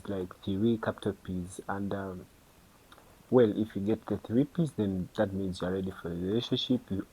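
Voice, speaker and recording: A man's voice: low-pitched, warm tone, a little hiss or hum, poor audio. A young man with a Ugandan English accent hosting a podcast, chatting casually and filling his talk with "you know" while acting out little conversations. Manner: chatty, many fillers, acts out dialogue. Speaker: podcast host. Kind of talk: casual monologue to camera.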